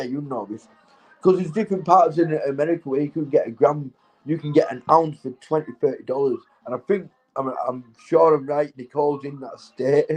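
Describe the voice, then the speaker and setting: In a rough recording, a medium-pitched man with a darkish tone chats casually with his livestream viewers. He's from Keighley, Yorkshire, speaks with a Yorkshire English accent, and comes across stoned and tipsy, rambling, swearing and laughing.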